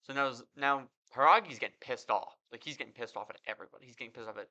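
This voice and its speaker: A man's voice: mid-range voice, fast talker, pushed and bright, highs cut off. A man hosting a podcast, reading out translated comic panels and then giving his casual reaction to them. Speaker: podcast host. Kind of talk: casual manga reaction commentary.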